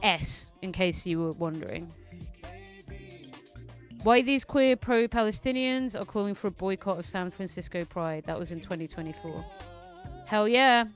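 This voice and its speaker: A woman's voice: mid-range voice, moderate pace, pauses often, soft background music. A woman streamer ranting through casual political commentary, heated and profane.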